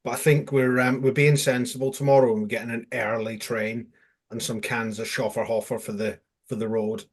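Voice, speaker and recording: A man's voice: medium pitch, flat delivery, fairly quick. A man chatting on a fan podcast panel, joking and telling little stories about match days. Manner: jokey and anecdotal. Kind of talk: casual chat.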